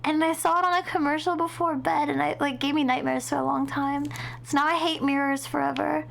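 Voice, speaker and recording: A woman with a high, bright-pitched voice chats to her live audience while reacting to horror clips. She is excitable and jumpy, gushing warmly over her viewers and swearing when startled. A faint hiss of noise sits under the voice. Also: brisk, gravelly. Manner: gushing to chat. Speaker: streamer. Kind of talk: casual live-stream reaction chat.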